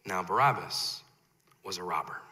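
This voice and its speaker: A man preaching a sermon as pastor, impassioned, rising loud then dropping low. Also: lively intonation, moderate pace, big-room sound, slight background noise.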